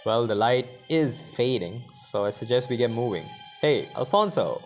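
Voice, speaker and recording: A man's voice: mid-range voice, lively intonation, normal speed, faint music behind, natural voice. A man voicing a cocky, roguish male adventurer who teases his companions in a story game. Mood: teasing. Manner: smug, teasing banter.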